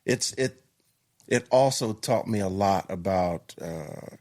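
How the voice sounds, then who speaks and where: Brief: male podcast host, lower voice, chatty, agreeable, laughs easily. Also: slow pace. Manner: warmly affirming, laughs often, animated when telling stories. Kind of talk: casual conversation.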